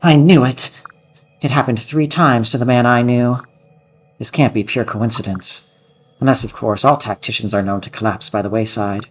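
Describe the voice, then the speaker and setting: A man's voice: mid-range voice, steady tone, normal speed, soft background music, natural voice. A man voicing an earnest young female noble swordswoman of the plains, reading game dialogue aloud in a heartfelt, eager manner. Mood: earnest, surprised.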